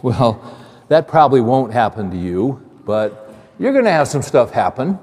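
A male pastor preaching a sermon in a conversational, animated way, repeating phrases and asking the congregation questions. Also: medium pitch, moderate pace, slight background noise. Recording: long hall reverb.

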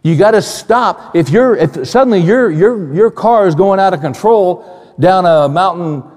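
A male pastor preaching a sermon in a conversational, animated way, repeating phrases and asking the congregation questions. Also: sits high, a little slow. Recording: long hall reverb.

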